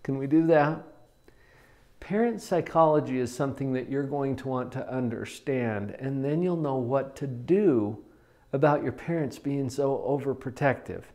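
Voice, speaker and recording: A man giving a motivational talk to teenagers as a parenting coach, animated and full of rhetorical questions. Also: mid-range voice, moderate pace.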